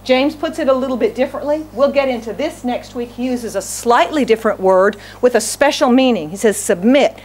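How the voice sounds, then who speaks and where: A middle-aged woman pastor delivers a sermon in a high, bright register. She talks fast and emphatically, with frequent restarts and repeated phrases. Her exclamations climb even higher. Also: slight background noise. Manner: speaks quickly with frequent restarts.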